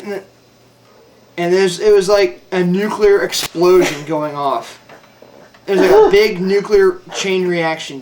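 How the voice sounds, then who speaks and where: A man's voice: sits high, distant mic, slight background noise. A young man casually telling a story about his service, rambling and swearing, with lots of "like" and "dude". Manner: rambling, profane, full of "like" and "dude". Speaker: former Marine telling a story.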